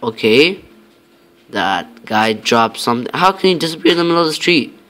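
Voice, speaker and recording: A man's voice: medium pitch, lively intonation, normal speed, bright, forceful tone. Rambling young-sounding male gameplay commentator. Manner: rambling, self-talking, frequent fillers, mock-tough lines.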